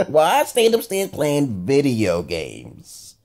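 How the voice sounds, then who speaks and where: Man, rambling profane monologue, husky, darkish mellow tone. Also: mid-range voice, huge pitch swings, slow pace. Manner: rambling, cursing, laughing asides. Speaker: vlogger.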